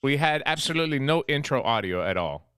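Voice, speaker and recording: A man's voice: medium pitch, sing-song, fast, fairly bright tone, clean tone, no room sound, studio quality. A man with a Greek accent co-hosting a casual live-stream show, joking and fussing over the audio. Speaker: co-host.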